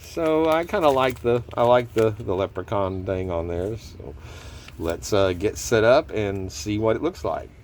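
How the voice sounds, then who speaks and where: Guy, kinda low voice, rambles and corrects himself a lot, faint hiss behind. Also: lively intonation, measured pace, darkish tone. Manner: rambling, self-correcting, chuckles often. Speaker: gold prospecting hobby host. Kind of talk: casual chat. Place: table at home.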